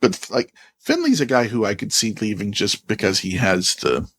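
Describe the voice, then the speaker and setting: A man co-hosting a podcast in casual chat, animated and often stumbling over his words. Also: fairly low pitch, normal speed. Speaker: podcast co-host. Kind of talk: casual chat about wrestling.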